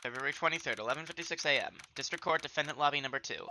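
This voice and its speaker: A man's voice: a little high, rapid-fire, few pauses. A man playing a story game on his channel and chatting casually, with fillers. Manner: casual and self-conscious, with fillers. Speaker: game streamer reading a visual novel aloud. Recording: game music playing behind.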